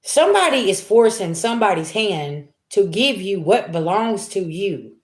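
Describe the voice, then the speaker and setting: A woman's voice: mid-range voice, sing-song, moderate pace, a little mellow. A woman giving a casual tarot reading, talking straight to her viewers in a chatty way and checking in with them often. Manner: chatty, talks straight to viewers, frequent "okay?" and "y'all". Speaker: tarot reader. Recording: roomy echo.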